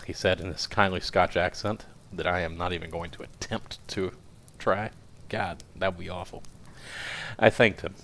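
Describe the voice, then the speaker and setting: A man's voice: low-pitched, fairly even intonation, moderate pace, vocal fry, fairly bright tone. A man doing a casual live-stream reading of a novel, with self-deprecating, profane asides. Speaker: audiobook reader, streamer.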